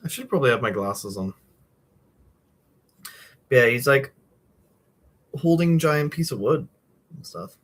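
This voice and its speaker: A man's voice: medium pitch, lively intonation, unhurried, pauses often, a bit bright. A young man streaming from home at night, chatting casually and meandering with lots of fillers and casual swearing while he draws a comic. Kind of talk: casual rambling chat while drawing.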